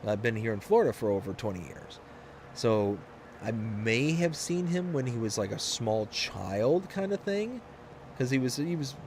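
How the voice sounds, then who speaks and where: Male stream host from Michigan, mid-pitched, loose rambling chat, faint background hum. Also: darkish tone. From Michigan, USA. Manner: rambling, anecdotal, frequent restarts. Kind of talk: casual chat while streaming a game.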